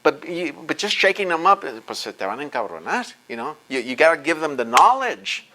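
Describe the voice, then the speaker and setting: A man fields questions after a lecture with fervent conviction. His voice sits a touch high for a man and has a hard, forceful edge. He hammers his points home by repeating them. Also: sing-song, fairly quick, rough recording. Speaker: lecturer answering audience questions. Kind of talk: impassioned Q&A talk. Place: lecture event.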